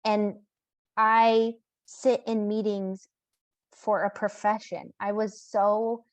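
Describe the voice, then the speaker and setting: A woman's voice: medium pitch, little pitch movement, slow, no room sound. An earnest woman speaks on a podcast as a parent, and the emotion shows in her voice. The recording is close and dry. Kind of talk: casual podcast chat.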